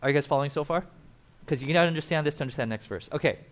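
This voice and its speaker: A man's voice: on the high side, racing. A man preaching a casual, conversational sermon at a church, explaining with asides and acting out quotes. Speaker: pastor.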